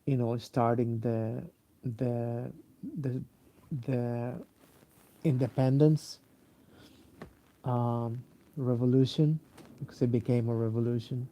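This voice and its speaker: A sleepy man with a dark, gravelly voice rambles slowly through a casual monologue. He stops often for fillers and restarts and swears freely. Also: medium pitch, little pitch movement. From Mexico. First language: Spanish. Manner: halting, many fillers and restarts, profane.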